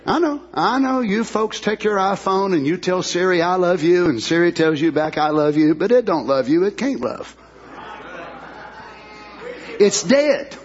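A man preaching a sermon with fervor, climbing into shouted, rhythmic declarations and acting out voices of people in the story. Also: big pitch swings, measured pace, pauses often, highs cut off. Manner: high, bright preaching voice, rising to shouted fervor.

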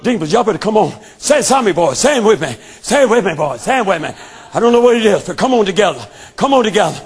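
A man preaching voices a sly, boastful male devil in a lower, hushed tone. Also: sing-song, quick pace, breathy edge, full character voice. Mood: uneasy. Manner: low, hushed, gloating.

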